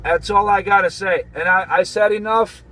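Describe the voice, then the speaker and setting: Casting: high-pitched man, CB radio joker in his vehicle, teasing and repetitive. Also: fairly even intonation, normal speed, pushed and bright, rough recording. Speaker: trucker on CB radio. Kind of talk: casual CB radio banter.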